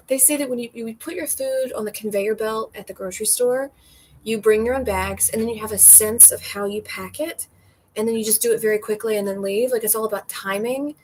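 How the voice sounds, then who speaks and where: A woman's voice: a little high, a little hiss or hum, low-quality recording. A woman hosting a casual livestream from her porch, chatting over a cocktail and reading out viewer comments in a rambling way, laughing often.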